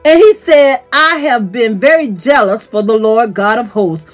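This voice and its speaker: A woman teaching from the Bible at an unhurried pace, reading the verses aloud and then retelling them simply. Her pitch lifts whenever she grows excited. Faint music plays quietly beneath her voice. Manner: reads scripture aloud then retells it in plain words; voice rises in pitch when excited. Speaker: teacher of a church series.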